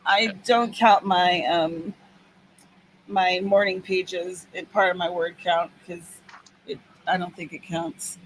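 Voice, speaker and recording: A woman's voice: on the low side, steady tone, slow pace, a little hiss or hum, low-quality recording. A woman hosting a writing-sprint livestream in casual chat, upbeat and cheering viewers on by name.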